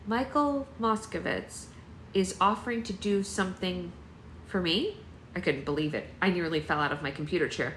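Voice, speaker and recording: A woman hosting a book club, reading a novel aloud in a lively, expressive way. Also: on the low side, normal speed, reverberant, slight background noise.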